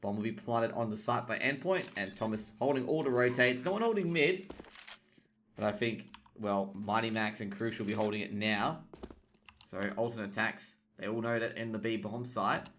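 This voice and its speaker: A man's voice: on the low side, a bit bright, slight background noise. A man casting a competitive shooter match live, calling rounds play by play and lifting sharply on kills. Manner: rapid call-outs that lift sharply on kills. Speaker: esports caster. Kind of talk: play-by-play game commentary.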